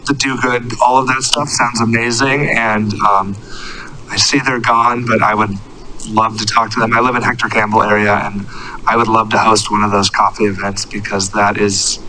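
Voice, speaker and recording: A man in his thirties giving an earnest, halting public comment at a city council meeting, speaking into a podium microphone. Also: lowish voice, bright, forceful tone, slight background noise, rough recording. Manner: earnest, halting, searching for words. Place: council chamber.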